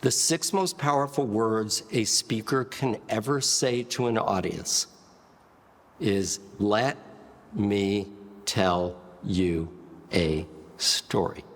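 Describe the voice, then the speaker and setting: A man teaching public speaking to camera, with a demonstrative, deliberate delivery that shifts pace and pitch and leans on pauses. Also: expressive, fairly bright tone, husky, long reverb tail. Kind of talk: instructive talk to camera.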